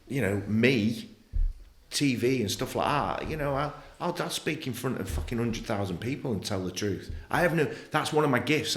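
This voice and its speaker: A man's voice: fairly low pitch, a bit bright, roomy sound. A man, a podcast guest telling his story bluntly and animatedly, swearing often. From England. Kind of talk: candid interview conversation.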